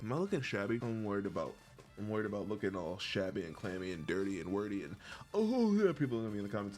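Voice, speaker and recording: A man's voice: lowish voice, lively intonation, fast, soft background music. A man rambling to camera in a goofy, scattered comedic monologue, swearing and laughing between half-finished thoughts. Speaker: video creator.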